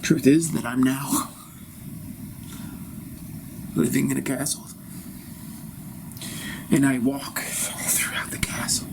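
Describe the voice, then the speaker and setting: A grandiose, self-proclaimed ascended spiritual master, played by a man in a solo improv speaks slowly and pompously, his lofty words sometimes sinking to a whisper. Clear vehicle noise hums behind him. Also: medium pitch, fairly even intonation. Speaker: improv performer. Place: inside a vehicle. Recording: noisy recording inside a vehicle.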